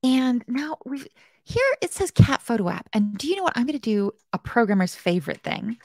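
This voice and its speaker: Quick-talking and very animated, a woman with a high-leaning yet darkish voice leads a casual live-stream coding tutorial as a bootcamp host. She jokes at her own expense and chats playfully with viewers in the chat, recorded dry with clean studio sound.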